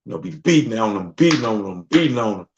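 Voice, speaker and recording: A man's voice: fairly low pitch, animated, fast, slight background noise. A man from Mississippi hosting a casual talk show, speaking loosely and slipping into voices to act out other people. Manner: loose, conversational, acts out voices. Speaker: host. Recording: dull lo-fi sound.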